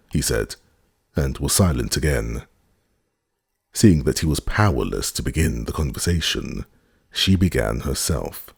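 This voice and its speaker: A man narrating a classic novel as an audiobook, measured and expressive. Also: very deep voice, vocal fry, slightly rough, no room sound, studio quality. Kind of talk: scripted narration.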